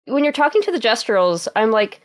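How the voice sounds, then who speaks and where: A woman's voice: on the high side, sing-song, a little fast. A woman on a podcast panel, telling self-mocking stories in casual chat.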